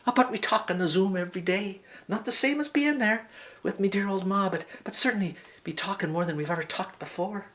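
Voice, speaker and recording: A man's voice: high voice, fairly bright tone. A man voicing a cheerful Irish male farmhand with a put-on Irish accent, in a folksy, rambling comic monologue. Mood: wistful. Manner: chatty and folksy, with rambling asides.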